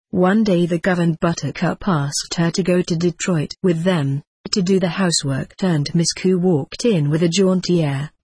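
A man reading a storybook aloud as narrator, in a measured, gently expressive way. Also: high voice, breathy edge, no room sound.

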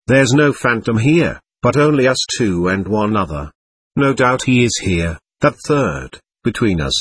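A man voicing a sly, cold male servant in a low, insinuating, quietly menacing tone. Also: expressive, a little slow, slightly rough. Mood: ominous.

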